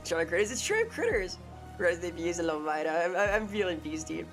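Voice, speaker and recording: A woman streamer chatting casually on a live stream, excitable and talkative, swearing now and then. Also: fairly low pitch, quick pace, faint music behind.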